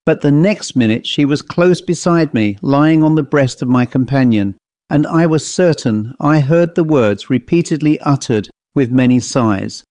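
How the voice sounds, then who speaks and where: Male audiobook narrator, mid-pitched, measured ghost-story reading, dry close mic. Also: animated, warm tone, dry recording.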